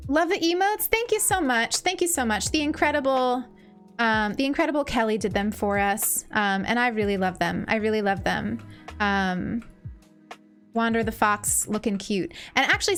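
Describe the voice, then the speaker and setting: A young woman streaming a cozy game, chatting gently and warmly greeting viewers, often saying things twice. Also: mid-range voice. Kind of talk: cozy casual chat while gaming. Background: faint game music.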